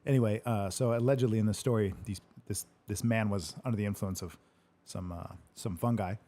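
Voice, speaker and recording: Answering live questions as host of a casual chat, a man tells a loose, rambling story, laughing often and swearing freely. His voice is lowish, steady and mellow, and he talks briskly.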